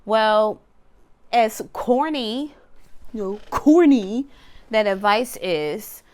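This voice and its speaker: A woman's voice: fairly high pitch, animated, very slow, a little mellow, slight background noise. A woman giving a casual tarot reading, talking bluntly, swearing freely and laughing as she drifts off on tangents. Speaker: tarot card reader.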